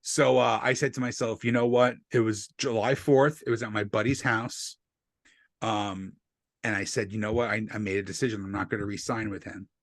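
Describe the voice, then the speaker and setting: A stand-up comedian from New Jersey tells stories in casual podcast talk, swearing and acting out what people said with profane, animated energy. His voice is on the low side at a moderate pace. The recording is dry and clean, studio-quality, made on a desk USB microphone.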